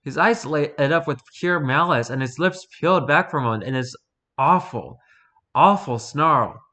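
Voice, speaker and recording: A man casually reading a spooky first-person story aloud, relaxed and unpolished, stumbling and correcting himself as he goes. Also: on the high side, brisk. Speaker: story reader.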